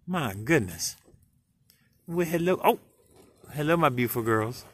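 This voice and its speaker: A man films his cats outside and chats to them in doting baby talk, cracking small jokes along the way. His pitch swoops up and down with plenty of life. A faint outdoor hiss sits behind him. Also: expressive, moderate pace, long pauses, fairly bright tone. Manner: coos and baby-talks to pets, playful jokes. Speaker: vlogger. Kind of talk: casual outdoor vlog talking to his cats. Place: outdoors by a road and grass.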